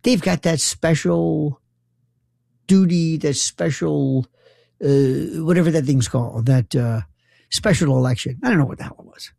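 Gravelly, mellow-voiced man telling sarcastic stories. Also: fairly high pitch, unhurried, dry recording, studio quality. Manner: sarcastic, incredulous, rambling with restarts. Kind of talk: comedic monologue storytelling.

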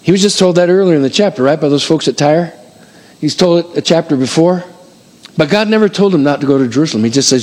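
A middle-aged man preaching a sermon as pastor, energetically calling out to the congregation with quick repeated questions. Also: medium pitch. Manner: energetic, calls out to congregation like an auctioneer.

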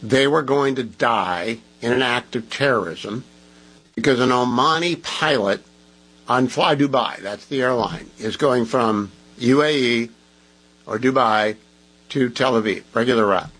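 A man with a slightly husky voice hosts a talk radio show, speaking into a studio microphone. He talks in an opinionated, conversational way. He sounds groggy from medication. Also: medium pitch, a little slow, a bit bright, poor audio.

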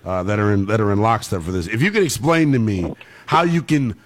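A man's voice: lowish voice, fairly quick, slight background noise. A young man hosting a late-night sports call-in radio show, playful and laughing often as he riffs with callers. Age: young adult. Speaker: sports talk radio host.

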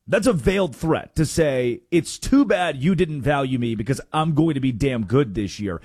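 Man, sports radio host, husky voice, dry sound, animated, interjecting. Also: mid-range voice, no echo. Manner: animated, quick to interject, repeats himself.

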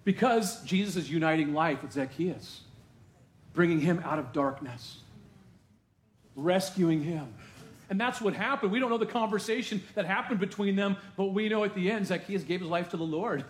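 A man pastor delivers a sermon in a church sanctuary, his voice sitting a little high for a man. He preaches in a chatty, conversational way, tossing asides to the congregation. The room around him is echoey. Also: normal speed.

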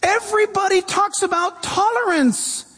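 A male pastor preaching a sermon, emphatic, his voice swooping up into shouts. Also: very high-pitched, fairly even intonation, moderate pace, soft background music. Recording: long reverb of a large hall.

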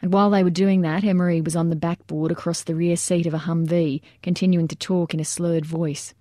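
A woman with a lowish, mellow voice reads a scripted nonfiction account. She tells it in a measured, plain way, and the recording is close and dry with no room sound. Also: level tone, dry recording. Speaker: narrator.

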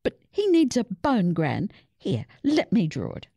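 A woman voicing an excited, imaginative little girl in a storybook reading, with a giggly, high voice. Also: measured pace, slightly rough, no echo, studio quality, exaggerated voice.

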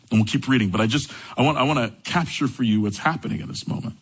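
A man's voice: mid-range voice, quick pace, breathy edge, poor audio. A young man preaching a sermon, telling a story from his own church days as he explains a Bible passage. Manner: storytelling, animated when retelling his own encounter. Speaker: pastor.

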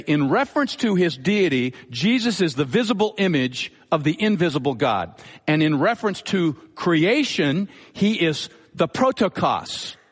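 A pastor preaching a sermon in a measured, teaching manner, repeating his key phrases for emphasis. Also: on the high side, breathy edge. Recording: long hall reverb.

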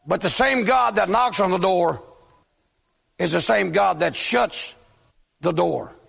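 Male preacher, very high gravelly voice, bright and tense, slow deliberate delivery, emphatic shouting, long church hall reverb. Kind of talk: sermon.

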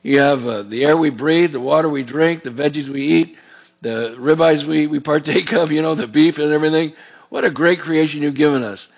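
A man's voice: a little high, a little fast. A male pastor preaching a sermon in a folksy, digressive and earnest way. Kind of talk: sermon with scripture reading.

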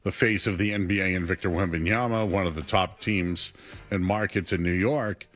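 A young man co-hosting a casual sports talk show, chatty and animated, his voice jumping up when he gets excited. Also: deep voice, moderate pace. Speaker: sports radio co-host.

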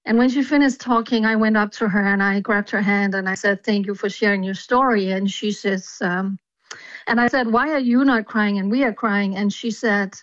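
A woman's voice: medium pitch, fairly even intonation, normal speed, dry recording, dull audio. A woman from Denmark, a journalist guest, telling her story earnestly with fillers in an interview. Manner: earnest, personal testimony with fillers.

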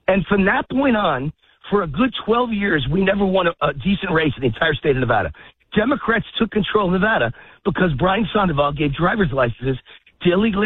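A man's voice: sits high, breathy edge, dry recording. Breathless man ranting over a phone line. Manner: heated, emphatic, rapid-fire ranting. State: out of breath, walking a dog. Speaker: political commentator guest. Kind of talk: phone-in talk radio interview. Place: outdoors in a park, walking.

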